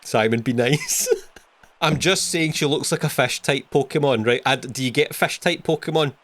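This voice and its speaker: A man's voice: medium pitch, moderate pace, a bit bright. A man with a Scottish accent giving wry, joking commentary while playing a video game. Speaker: gaming video host. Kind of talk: let's play commentary.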